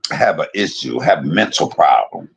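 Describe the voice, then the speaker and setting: A streamer rants to his viewers, his voice rough and a little husky. He talks confrontationally, swears constantly, and his pitch rises and falls a lot as he hammers his points again and again. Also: sing-song, normal speed. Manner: profane, confrontational, repeats himself. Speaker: live streamer. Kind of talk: heated livestream rant.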